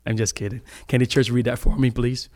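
A man delivers a sermon to his church in a relaxed, chatty way. His voice sits at an ordinary middle pitch, and he laughs easily between points. He slows down and stretches out the words he wants to land. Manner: conversational, laughs often, draws out key words. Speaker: preacher.

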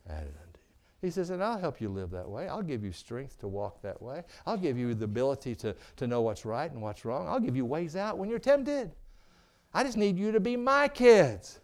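A middle-aged man preaching a sermon, calling for amens and swinging from booming to hushed. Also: very animated, normal speed. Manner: preaching with call-and-response, asking "Amen?". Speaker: pastor.

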